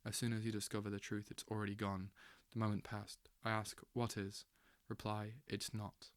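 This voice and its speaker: A man reading a literary novel aloud as an audiobook, slow and intense, with dramatic swells. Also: fairly low pitch, monotone, smooth, no room sound, clean studio sound. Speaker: audiobook reader.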